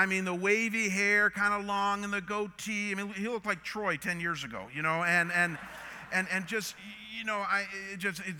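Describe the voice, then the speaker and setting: Animated middle-aged male preacher, echoey hall. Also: high voice. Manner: animated storytelling with repeated restarts. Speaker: pastor. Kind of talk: sermon with story and prayer. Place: church auditorium. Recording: long hall reverb.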